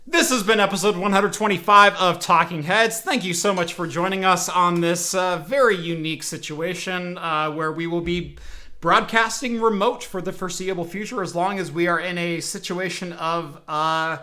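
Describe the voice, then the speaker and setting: A man's voice: sits high, moderate pace, bright, forceful tone. A man hosting a casual tech podcast from home, rambling with lots of fillers and restarts. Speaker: podcast host. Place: home, broadcasting remote.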